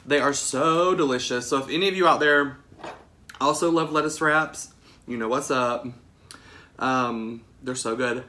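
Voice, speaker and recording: A young man with a Southern American accent hosting a solo mukbang vlog, chatty and excited, saying "y'all" again and again. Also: medium pitch, unhurried. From Southern United States. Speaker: podcast host.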